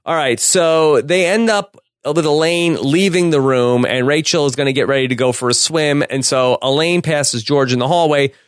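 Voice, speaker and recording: A man co-hosting a podcast, casually retelling a sitcom episode scene by scene with quick laughs. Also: fairly high pitch, clear, resonant tone, dry recording, studio quality. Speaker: podcast co-host.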